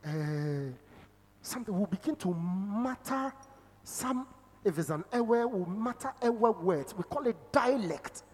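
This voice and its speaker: A pastor, preaching a sermon with emphatic swings between loud exclamations and low murmurs. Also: lively intonation, slow pace, slightly rough, long reverb tail.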